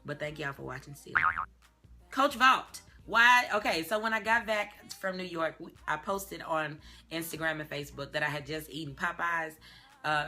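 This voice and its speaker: A young woman with a Southern US accent, an actress and singer chatting casually to the camera in an animated way, dropping "y'all" and "child". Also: low voice.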